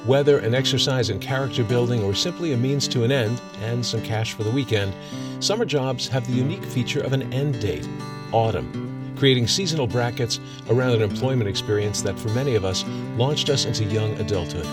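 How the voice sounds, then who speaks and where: A man hosting a storytelling show, introducing readers in smooth scripted narration. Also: mid-range voice, brisk. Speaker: host. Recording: distant voice over loud guitar music.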